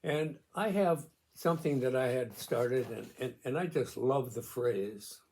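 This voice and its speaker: A man in his nineties hosting his own video channel, speaking slowly and gently about caregiving, pausing often, then reading aloud a note he wrote. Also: mid-range voice, vocal fry. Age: 90s. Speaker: video host on memory loss and caregiving. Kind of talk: slow personal reflection to camera.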